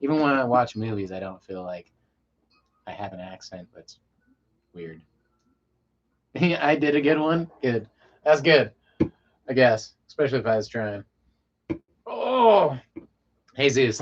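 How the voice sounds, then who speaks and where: A man from Colorado chats loosely to his viewers at the end of a late-night livestream. His talk rambles and sinks to a low mumble, and the sound is dull and lo-fi. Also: expressive, measured pace, long pauses. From Colorado, USA. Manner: laid-back, rambling, drops to a mumble. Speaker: livestream host.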